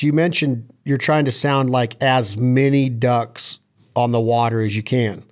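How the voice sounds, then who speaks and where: A man's voice: mid-range voice, a little mellow. A man hosting the show, asking long, rambling questions about duck calling. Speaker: show host. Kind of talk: interview questions.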